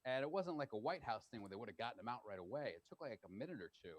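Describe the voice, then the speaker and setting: A man's voice: medium pitch, animated, no echo. A man in casual podcast chat, telling stories wryly and cutting in with jokes. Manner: wry, quick storyteller.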